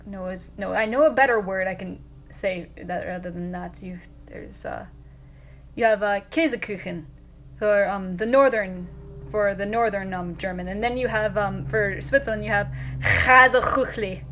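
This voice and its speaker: Woman streamer, casual chat, rambling and giggly, mid-pitched voice. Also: moderate pace, slight background noise. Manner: rambling, many fillers and restarts, giggly. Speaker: livestream host. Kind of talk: casual livestream chat answering viewers.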